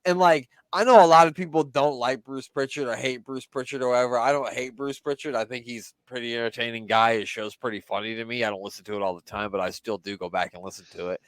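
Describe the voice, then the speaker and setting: A man co-hosting a casual wrestling podcast, talking in animated, swearing bursts. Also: mid-range voice, quick pace, few pauses, no echo. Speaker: podcast co-host. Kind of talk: casual chat.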